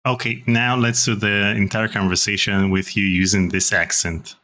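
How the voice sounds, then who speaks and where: Deep-voiced male interview host. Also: level tone, moderate pace, bright, forceful tone. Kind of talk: interview hosting.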